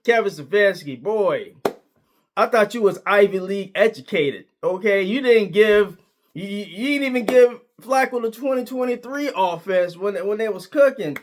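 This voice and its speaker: A sports commentator delivers a casual opinion monologue in a high-sitting male voice with lively intonation at a moderate pace. He's emphatic and argumentative, leaning on slang and hammering the same points again and again.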